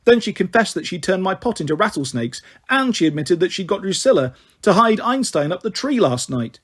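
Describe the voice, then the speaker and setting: A man reading aloud and voicing a cheerful, clumsy young girl witch in excited chatter. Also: sits high, a little fast.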